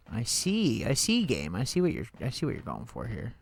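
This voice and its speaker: A man's voice: medium pitch, wildly swooping pitch, moderate pace, gravelly, few pauses, fairly bright tone. A man streaming a game, thinking aloud in casual commentary with wry, sarcastic asides.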